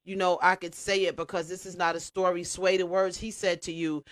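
Woman, radio and cooking personality; lively storyteller who acts out dialogue. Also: lowish voice, brisk. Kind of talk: casual radio interview chat.

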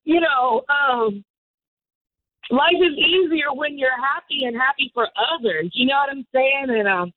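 Woman guest, casual and rambling, quick to laugh; dry, dull-sounding line. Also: sits high, no echo. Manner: laid-back, laughs easily, rambling asides. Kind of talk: casual radio interview chat.

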